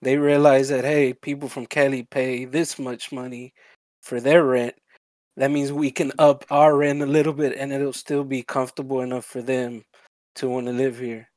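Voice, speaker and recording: A man co-hosting a podcast, explaining things in a relaxed, loose way with slang. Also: mid-range voice, normal speed, no room sound. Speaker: podcast co-host. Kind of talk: casual chat.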